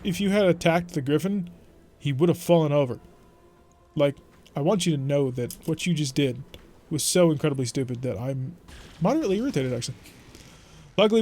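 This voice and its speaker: Wry young male streamer, slightly high voice, chatty play-by-play with mock exasperation. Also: a little mellow. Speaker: gaming streamer. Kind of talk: let's play gameplay commentary.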